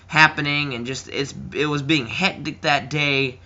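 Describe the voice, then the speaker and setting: A teenage boy giving a rambling, casual video review, with lots of fillers, who slips into a higher voice when he quotes people. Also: steady tone, a little slow, bright, forceful tone, lo-fi sound. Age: teens. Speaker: wrestling reviewer. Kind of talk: casual chat.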